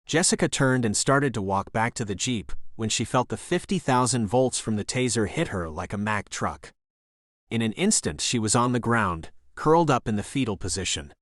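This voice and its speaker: Guy reading a thriller audiobook, steady, mid pitch, dry studio sound. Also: moderate pace, no room sound. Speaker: audiobook narrator. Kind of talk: scripted narration.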